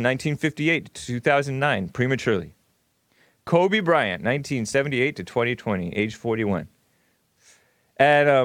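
A man's voice: mid-range voice, fairly bright tone, no room sound, studio quality. A man hosting a casual livestream monologue, rambling with frequent fillers, restarts and chuckles. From California. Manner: rambling, laughs often, many fillers and restarts. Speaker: host.

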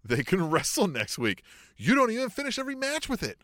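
A man's voice: brisk, dry recording. A man co-hosting a podcast in casual chat, joking and teasing his partner. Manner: joking, teasing, with laughs and lively pitch swings. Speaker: podcast co-host.

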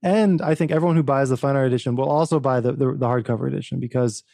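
A man, an author and book producer, telling a story as a podcast guest in an animated way, acting out quoted dialogue and restarting often. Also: mid-range voice, quick pace, creaky, no echo, clean studio sound. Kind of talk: casual interview storytelling.

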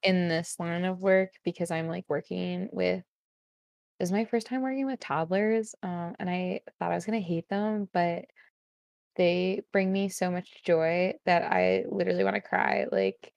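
Creaky-voiced young woman, rambling casually. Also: on the low side, fairly even intonation, unhurried, darkish tone, no echo, muffled recording. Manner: rambling, with constant "like" fillers. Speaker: guest. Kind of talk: casual conversation.

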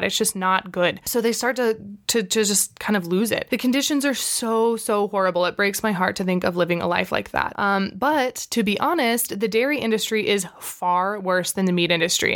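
A young adult woman hosting a solo podcast, talking in an earnest, emotional way with frequent restarts and fillers. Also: mid-range voice. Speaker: podcast host. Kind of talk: casual solo podcast monologue.

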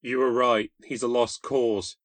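A man's voice: medium pitch, fairly quick, dry recording, lightly acted. A man voicing an upset young woman who has been crying, pleading down a phone line. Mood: tearful, pleading.

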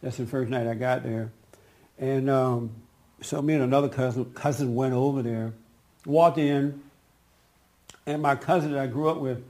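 Gravelly man telling a family story. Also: medium pitch. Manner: animated, laughing, quoting others in a raised voice. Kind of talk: casual personal anecdote.

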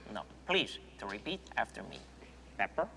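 Overenunciating diction teacher, bright gravelly tone, echoey room with light hiss. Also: male voice, full character voice. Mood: instructive. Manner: deliberate, overenunciated, lively pitch. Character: stern man drilling speech exercises. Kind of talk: film dialogue. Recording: roomy hall with faint noise.

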